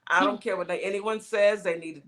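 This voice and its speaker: A woman's voice: mid-range voice, steady tone, fairly quick, fairly bright tone. A woman hosting a casual morning talk show, chatty and sassy, laughing often. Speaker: show host.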